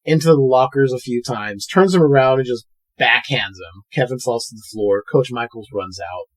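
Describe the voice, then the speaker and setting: A man co-hosting a podcast, casually recapping a film scene by scene and acting out characters' lines in quick put-on voices. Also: medium pitch. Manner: retells scenes with animated quoted voices. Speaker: podcast co-host. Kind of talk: casual movie recap chat.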